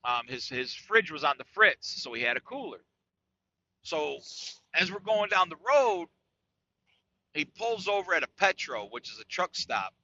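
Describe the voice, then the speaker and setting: A man's voice: a little high, very animated, unhurried, long pauses, bright, forceful tone, lo-fi sound. A man from New York telling a comic story on a podcast, profane and saying "dude" after nearly every phrase. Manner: profane, says "dude" constantly. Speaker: podcast co-host. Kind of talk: casual comedic storytelling.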